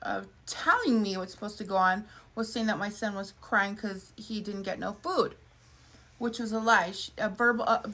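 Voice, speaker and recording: Woman, mother; indignant, halting, bright voice. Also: medium pitch, fairly even intonation. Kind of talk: angry social media video.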